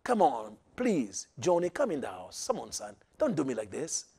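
A man voicing a gentle father who pleads softly with his son, in a hushed, coaxing tone. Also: mid-range voice, huge pitch swings, normal speed, vocal fry, breathy edge, voice pushed down, exaggerated voice. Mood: pleading.

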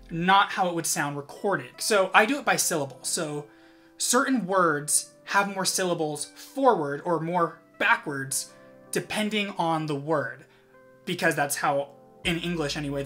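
A man vlogging casually, talking in an animated, chatty way and rattling off strings of backwards-spoken syllables. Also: on the high side. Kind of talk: casual explanatory vlog.

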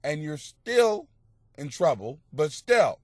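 A brash man answers listener questions in a casual podcast monologue, his voice a bit higher than most. He is blunt and crude, swears freely and bursts into loud rants. The sound is close and dry, with no room around it. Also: big pitch swings, slow pace, no echo. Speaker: podcast host giving advice.

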